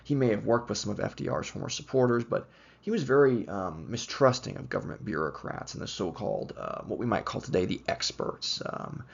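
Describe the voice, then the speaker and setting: A man giving a recorded history lecture, explaining at an unhurried pace with plenty of ums and uhs. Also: fairly low pitch, gravelly, breathy edge, highs cut off.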